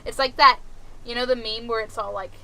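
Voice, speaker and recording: A young woman streaming and chatting casually with her viewers, giggly and rambling, swinging between excited and chill. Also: a little high, brisk, creaky, slight background noise, poor audio. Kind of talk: casual chat with live chat.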